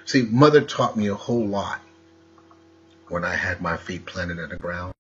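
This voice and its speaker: A man's voice: low-pitched, normal speed, a bit bright, dull audio, a little hiss or hum. A man delivering a rambling, preachy monologue full of wordplay and rhetorical questions.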